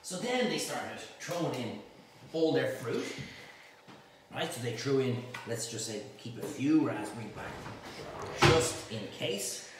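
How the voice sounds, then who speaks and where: Man, chef host, rambling jokey delivery, lively up-and-down voice, echoey room, mic far off. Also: medium pitch, measured pace. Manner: rambling, joking storyteller with slangy asides. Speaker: chef and cooking show host. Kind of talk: live cook-along demonstration. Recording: echoey room, mic at a distance, faint noise.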